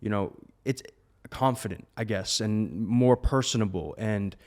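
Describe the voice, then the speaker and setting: A man's voice: lowish voice, a little slow, darkish tone. Easygoing man co-hosting, full of fillers. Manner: agreeable, many filler "you know"s. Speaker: podcast co-host. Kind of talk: casual roundtable chat.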